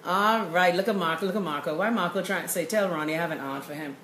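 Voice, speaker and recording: Her pitch fairly low and her tone fairly bright, a Bahamian woman talks fast as she hosts a live stream. She greets viewers by name, reading their comments in a chatty, upbeat way. The recording carries room echo and faint noise.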